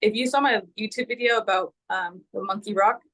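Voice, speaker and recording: A woman of middle pitch joins a fitness check-in over a video call. She talks casually, telling stories with plenty of fillers. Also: a little fast, a bit bright, poor audio. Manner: chatty, storytelling with fillers. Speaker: guest, fitness group member. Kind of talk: casual conversation.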